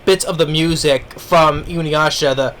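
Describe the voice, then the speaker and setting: A man's voice: on the high side, moderate pace, a bit bright, a little hiss or hum. Rambling man reviewing anime. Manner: rambling, with many fillers and restarts. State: eating while talking. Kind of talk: casual spoken review.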